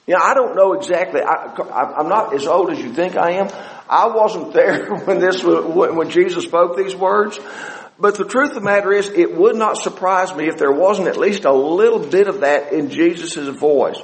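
A man preaching a sermon, talking it through conversationally with halting restarts and sarcastic asides. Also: high voice, animated, poor audio.

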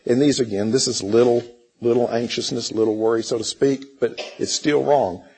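A middle-aged man teaching a church Bible class, halting, with many fillers and frequent throat clearing. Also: mid-range voice, steady tone, dark tone, rough recording.

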